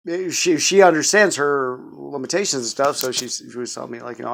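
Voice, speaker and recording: A man's voice: mid-range voice, fairly quick, creaky, few pauses, fairly bright tone. A man in his thirties giving a rambling, stammering vlog update in a jumpy voice. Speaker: vlogger.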